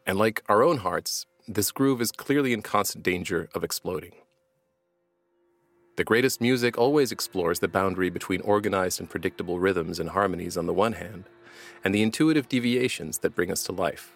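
A man with a lowish voice reads his own nonfiction text in a steady, reflective tone. Soft music plays faintly underneath. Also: no room sound. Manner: measured, reflective delivery. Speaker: academic author narrating his book. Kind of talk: scripted nonfiction narration.

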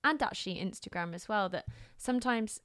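A woman's voice: medium pitch, fairly quick, fairly bright tone, no echo, clean studio sound. A woman in her thirties co-hosting a casual chat, talking in a reflective way and laughing often. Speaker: podcast co-host.

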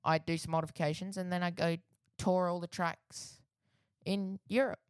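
A man's voice: high voice, flat delivery, normal speed, smooth, no echo, studio quality. An Australian man co-hosting a podcast in casual chat, rambling and correcting himself as he goes. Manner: rambling, self-correcting, laughs easily. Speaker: podcast co-host.

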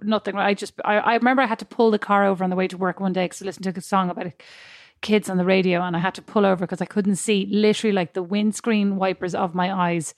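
A woman in her thirties co-hosting a casual chat, telling animated stories and laughing easily. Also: mid-range voice, fast talker, hardly any pauses, no room sound, clean studio sound.

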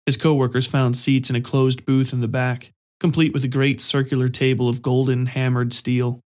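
Man narrating a dark story. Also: mid-range voice, little pitch movement, moderate pace.

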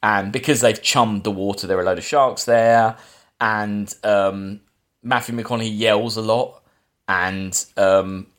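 A man's voice: lowish voice, steady tone, a little slow, fairly bright tone. A man, a podcast host casually recapping a film plot, rambling with fillers and restarts. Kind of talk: casual film review chat.

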